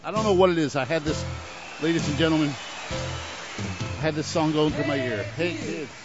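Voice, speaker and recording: A man's voice: on the high side, moderate pace. Rambling, jokey young male radio DJ. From New Haven, Connecticut. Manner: rambling, jokey, sings along loudly. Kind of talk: rambling college radio patter. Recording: dull lo-fi radio audio. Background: clear music.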